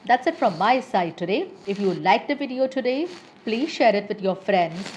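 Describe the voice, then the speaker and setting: A woman English teacher giving a lesson, listing example words slowly and carefully. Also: mid-range voice, lively intonation, darkish tone, slight background noise, rough recording. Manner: slow, deliberate word-by-word listing.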